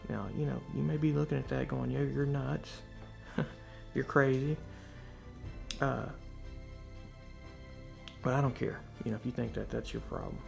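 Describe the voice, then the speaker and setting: A man speaks in a candid, reflective way, telling his personal testimony. His mid-pitched voice is deeply gravelly, full of vocal fry. Faint guitar music plays quietly behind him. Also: fairly quick, long pauses. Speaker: speaker sharing a faith testimony.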